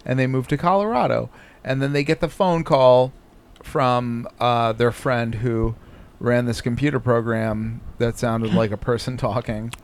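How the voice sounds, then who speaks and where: A man's voice: mid-range voice, steady tone, unhurried. A man hosting a podcast in casual chat, swearing constantly and sneering sarcastically. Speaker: podcast host. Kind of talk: casual profane commentary.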